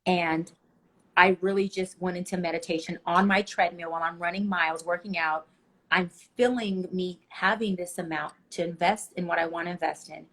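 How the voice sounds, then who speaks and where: With a lowish voice at a moderate pace, a woman life coach speaks as an interview guest. She gives fervent, somewhat preachy motivational advice, bringing her stories to life with emotion.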